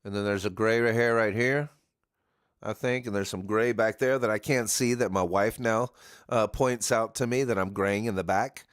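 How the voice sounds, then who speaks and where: Man, deep voice, dry sound, chatty livestream host, rambling jokes, greets viewers by name. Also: fairly even intonation, moderate pace, no echo. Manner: joking, chatty, talks straight to viewers by name. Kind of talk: casual rambling chat.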